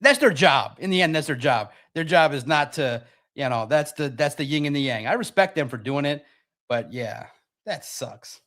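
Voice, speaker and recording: A young adult man hosting a live sports podcast, talking in an animated, rapid-fire way and restarting his sentences often. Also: a little high. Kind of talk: live-stream sports commentary.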